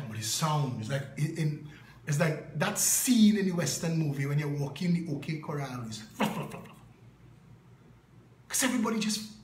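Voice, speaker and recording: A man's voice: sits high, echoey room. A man with a Trinidadian accent, a political candidate talking in a fiery, rhetorical way with punchy repetition. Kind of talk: impassioned political talk.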